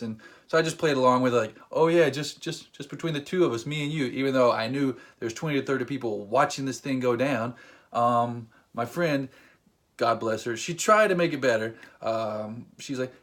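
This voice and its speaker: A young man telling a funny personal story to camera in a casual, animated, self-deprecating way. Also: mid-range voice, fairly quick. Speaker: vlogger.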